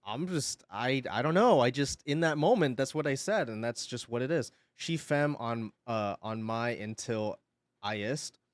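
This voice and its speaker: A male streamer chats casually with his audience. His pitch swings widely as he tells his story, and he swears freely and laughs often. The sound is dry and close, with no room echo. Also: expressive, a little slow. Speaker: livestreamer.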